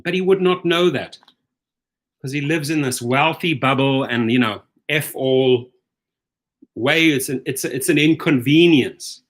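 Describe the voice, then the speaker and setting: A man's voice: mid-range voice, a little slow, long pauses, a bit bright. A middle-aged man hosting rideshare commentary, ranting angrily with profanity and repeated rhetorical questions.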